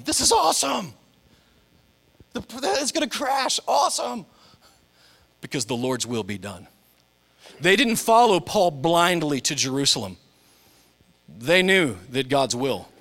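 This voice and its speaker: A man in his forties preaching a sermon in a church, animated, dropping soft and low, then jumping to loud, high impressions. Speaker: pastor.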